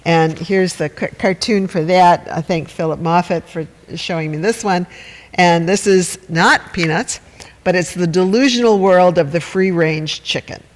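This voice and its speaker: A man with a high voice gives a meditation talk in a wry, chatty way, joking at his own expense and turning to his listeners. His voice carries a long reverb from the hall. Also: unhurried. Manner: conversational, wry and self-mocking, with audience asides. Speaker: meditation teacher. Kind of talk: dharma talk to a group.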